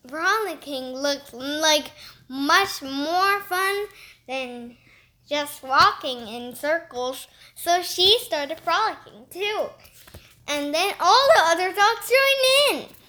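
A woman reading a children's story aloud in an expressive, lively way. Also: extremely high pitch, takes it slowly. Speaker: storybook reader.

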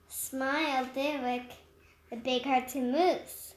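A woman reading a rhyming picture book aloud, slowly and carefully, with small stumbles. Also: high-pitched, expressive, a bit bright. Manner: slow, careful read-aloud pace with occasional stumbles. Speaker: storyteller. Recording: echoey room.

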